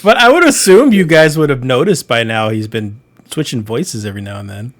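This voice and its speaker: A man's voice: medium pitch, expressive, a little fast. A man playing a tabletop game, blunt, swearing and laughing often. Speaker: player. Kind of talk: casual tabletop game chat.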